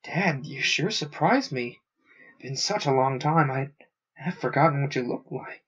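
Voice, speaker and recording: A man's voice: medium pitch, animated, unhurried, a bit bright, husky. A man voicing a nervous young man who gabbles with forced casualness, in a read-aloud story. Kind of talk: audiobook reading. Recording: dull lo-fi sound.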